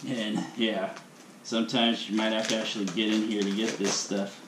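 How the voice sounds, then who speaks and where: A man's voice: on the low side, level tone, normal speed. A man hosting his own cooking video in a home kitchen, talking in a rambling, chatty way full of asides. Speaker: cooking channel host. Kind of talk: casual cooking vlog. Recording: echoey kitchen with faint room noise.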